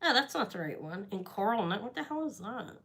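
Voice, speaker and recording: A woman's voice: medium pitch, sing-song, fairly quick, fairly bright tone. A middle-aged woman selling jewelry on a live stream, chatting casually and rambling with muttered asides. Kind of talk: casual live sales chat.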